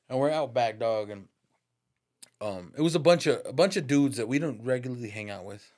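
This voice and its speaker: A podcast guest with a brisk, mid-range voice and a darkish tone tells a story casually. Profane and loaded with slang, he calls the listener "dog" and keeps laughing through his tales.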